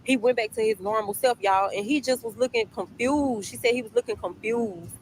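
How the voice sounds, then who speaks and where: A woman's voice: a little high, a little fast, slight background noise, rough recording. A woman casually telling a storytime to her viewers, chatty, repeating herself and addressing the audience often, recorded while on a break at work. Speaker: storytime vlogger.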